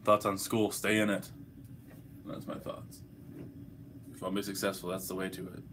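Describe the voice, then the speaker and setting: A man's voice: deep voice, level tone, moderate pace, noisy background. A young man hosting a casual livestream, hungover, reading chat questions aloud and answering in a laid-back, profane way.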